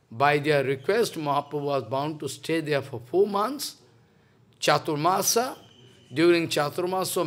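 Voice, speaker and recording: Guy preaching, high voice, super animated storytelling. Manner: animated, dramatic retelling in broken English. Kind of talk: sermon storytelling.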